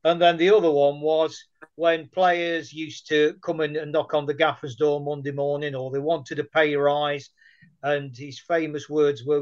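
A man's voice: fairly high pitch, little pitch movement, unhurried. Chatty man, muffled audio. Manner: chatty, anecdotal storyteller. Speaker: guest. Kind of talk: casual conversation.

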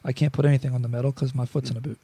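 A man's voice: mid-range voice, level tone, very fast, vocal fry, dark tone, husky, no room sound. A man co-hosting a casual sports podcast, chatty and joking, often restarting his sentences. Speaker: podcast co-host.

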